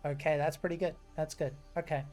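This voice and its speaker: Woman running a tabletop game, low voice, chatty, faint music behind. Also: fairly even intonation, a little mellow. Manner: chatty, laughs easily, quick asides. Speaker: game master.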